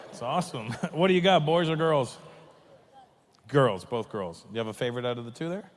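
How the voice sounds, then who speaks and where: Animated male stand-up comic in a hall. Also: mid-range voice, slight background noise. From Canada. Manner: animated, mocking crowd work, rising to shouts. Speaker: stand-up comedian. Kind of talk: stand-up comedy set. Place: large comedy venue with audience. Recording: live stage recording in a reverberant hall.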